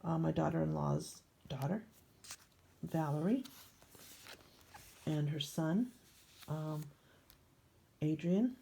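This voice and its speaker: A woman's voice: low-pitched, takes it slowly, vocal fry, long pauses, dark tone. An older woman chatting casually as she shows her scrapbook pages, meandering with frequent ums. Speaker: scrapbooking vlogger. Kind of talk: casual show-and-tell narration.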